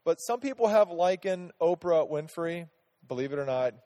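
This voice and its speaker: High, mellow-voiced man teaching Scripture. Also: animated, moderate pace, big-room sound. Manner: chatty, asks the group questions, many restarts. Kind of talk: casual Bible teaching.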